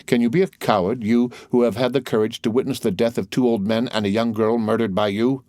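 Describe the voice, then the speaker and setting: A man voicing a stern male magistrate who calmly and contemptuously accuses his wife in an audiobook. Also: medium pitch, a little fast, dry recording, clean studio sound, lightly acted. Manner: calm, contemptuous interrogation. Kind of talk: audiobook character voice.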